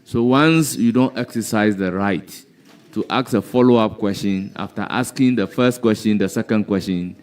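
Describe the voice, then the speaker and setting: A low-voiced man chairs a parliamentary hearing. He is brisk and procedural, keeping the speakers in order and to time. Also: a little mellow. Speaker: committee chairman.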